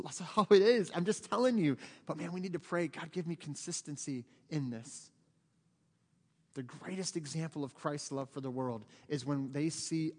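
A middle-aged man from the United States, a pastor preaching a sermon in an earnest, pleading way that builds to emphatic peaks. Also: a little high. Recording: long church hall reverb.

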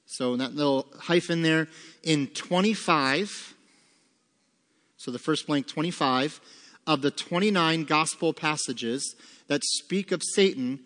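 With a higher, fairly bright voice, a man teaches a congregation a Bible lesson in the manner of a sermon, using fill-in notes. He is emphatic, raising rhetorical questions and then answering them. The sound carries the long reverb of a big room.

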